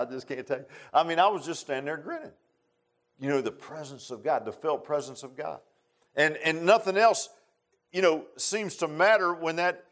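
Casting note: middle-aged male preacher, somewhat high voice, folksy and rambling, informal sermon. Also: fairly bright tone. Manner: folksy, rambling, repeats phrases and says "man" often.

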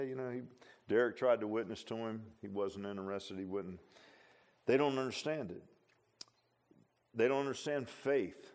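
A man's voice: on the low side, moderate pace, long pauses, a little mellow. A man, preaching a sermon in a folksy, conversational way.

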